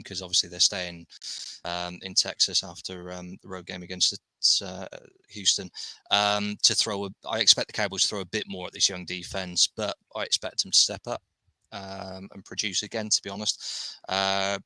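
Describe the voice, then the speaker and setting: A man co-hosting a sports podcast, giving steady, matter-of-fact analysis with frequent ums. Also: low voice, dry recording, low-quality recording. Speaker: co-host. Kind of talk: casual sports podcast chat.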